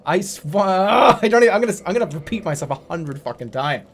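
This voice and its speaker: A man commenting as he plays a video game, swearing, laughing and yelling in frustration. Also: sits high, expressive, a little fast, breathy edge, faint music behind. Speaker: gaming streamer. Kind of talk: let's play commentary.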